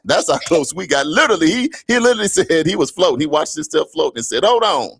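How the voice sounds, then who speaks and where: Brief: male radio co-host, gravelly tone, dry close mic, animated storyteller. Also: on the high side, fast, no room sound. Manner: storytelling, animated, preacher-like cadence. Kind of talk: casual radio talk show chat.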